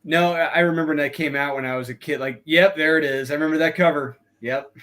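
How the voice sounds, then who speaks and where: A man's voice: fairly high pitch, steady tone, quick pace, a bit bright. A man appearing as a guest on a casual live-stream chat, eager and agreeable.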